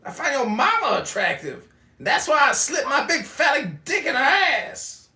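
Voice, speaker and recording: A sharp, high-pitched voice that swings wildly up and down, yelling insults and mocking in a crude group chat. The sound is roomy and a bit distant, like a voice chat picked up far from the mic. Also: female voice, very animated, a little slow. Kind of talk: heated crude argument.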